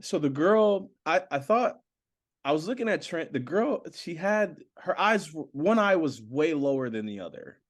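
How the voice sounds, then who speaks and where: A man's voice: fairly high pitch, very animated, moderate pace. A comedian guest telling a story in casual podcast chat, acting out his friends' lines with swearing and laughter.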